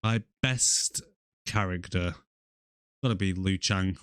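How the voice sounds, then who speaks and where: A man's voice: low-pitched, slow, a bit bright, smooth, no echo, studio quality. A man co-hosting a movie podcast in casual banter, laid-back, blunt and sweary. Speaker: podcast co-host.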